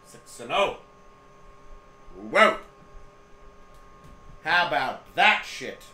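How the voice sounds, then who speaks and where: A man's voice: on the high side, lively intonation, extremely slow, pauses often, pushed and bright. A man in his thirties hosting a casual sports live stream from home, joking and swearing as he chats. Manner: joking, profane, chatty. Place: home room. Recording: echoey room.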